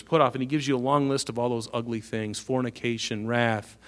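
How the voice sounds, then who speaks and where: A man's voice: medium pitch, level tone, a little fast. Earnest male preacher expounding scripture. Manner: earnest, emphatic, rising for quoted verses; rhetorical questions to listeners. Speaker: pastor. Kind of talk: sermon, reading and expounding scripture.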